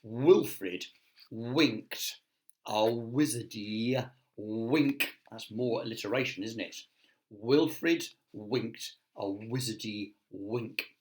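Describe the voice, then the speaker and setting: A man's voice: lowish voice, slow pace. A man, a teacher, reading a picture book aloud to children with chatty asides to his listeners.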